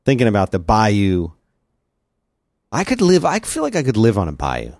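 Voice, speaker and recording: A man hosts a casual podcast, rambling from thought to thought with plenty of restarts. His pitch swings widely as he talks, and the sound is dry and close, with no room around it. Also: normal speed, dry recording. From lives in Central Texas. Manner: rambling and lively, with many restarts. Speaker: podcast host. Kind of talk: casual chat.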